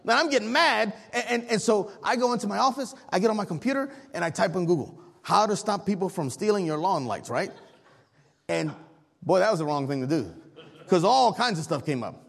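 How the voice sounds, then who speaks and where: A man preaching a sermon as pastor, telling a story in an animated way while the congregation answers back. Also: sits high, brisk, gravelly.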